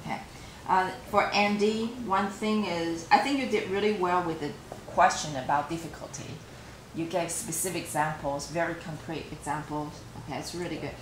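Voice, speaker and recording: A woman's voice: on the low side, fairly even intonation, moderate pace, slight background noise. A woman teacher giving feedback to students after practice interviews, coaching with frequent "okay" and acting out example phrases. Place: classroom. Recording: echoey classroom, faint ambience.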